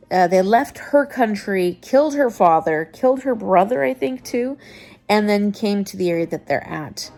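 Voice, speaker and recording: A woman's voice: mid-range voice, warm tone. Chatty, tired woman vlogger. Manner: chatty, laughs often, loose retelling with restarts. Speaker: book vlogger. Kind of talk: casual vlog chat to camera.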